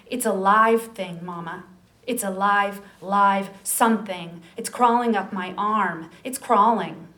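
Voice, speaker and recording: A woman's voice: mid-range voice, slow. A woman voicing an eager, insistent little boy who calls out urgently in a story. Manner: urgent, calling out loudly.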